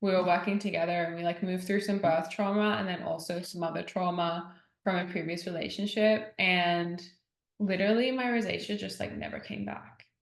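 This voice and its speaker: A woman guest chatting casually on a podcast. Her voice sits a little low, and she strings her story together with many "like"s as she retells other people's words. The room around her is echoey. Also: steady tone, normal speed, gravelly. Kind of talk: casual interview chat.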